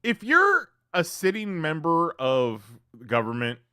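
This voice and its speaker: A man's voice: on the high side, huge pitch swings, takes it slowly, sharp tone, clear, resonant tone, no room sound, clean studio sound. A man co-hosting a podcast, joking and sarcastic in casual chat. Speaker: podcast co-host.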